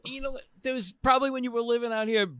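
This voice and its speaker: A man with a Staten Island New York accent, co-hosting a casual podcast chat, animated and quick to laugh. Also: very high voice, clear, resonant tone, dry recording, clean studio sound. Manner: animated, laughs often, swings between excited and mumbled. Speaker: podcast co-host.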